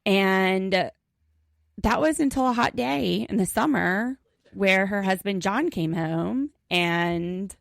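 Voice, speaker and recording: A woman's voice: medium pitch, lively intonation, takes it slowly, vocal fry, dry recording, clean studio sound. A young woman from Pennsylvania co-hosting a podcast, chatty and giggly as she recaps an episode in casual chat. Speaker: podcast co-host.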